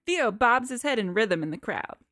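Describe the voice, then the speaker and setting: A woman's voice: on the high side, animated, moderate pace, a bit bright, dry recording, studio quality. A woman co-player on a live stream, reading story text and chatting playfully.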